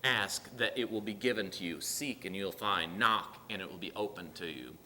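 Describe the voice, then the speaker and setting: Male preacher, earnest and pleading, bright forceful tone, church hall echo. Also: lowish voice, moderate pace, slight background noise. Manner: earnest, pleading, rising to loud emphatic bursts. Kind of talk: sermon. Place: church sanctuary. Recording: long hall reverb.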